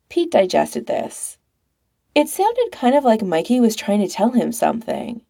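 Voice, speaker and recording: Woman reading a story out loud, slow and creaky, dark husky voice, lots of ups and downs. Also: a little high, big pitch swings. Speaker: narrator.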